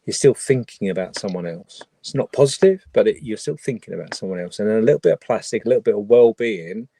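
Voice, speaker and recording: Earnest man, low dry voice. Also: expressive, quick pace, vocal fry, warm tone, slightly rough, no echo. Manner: earnest, rambling with restarts. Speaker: charity livestream host. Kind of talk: casual livestream chat.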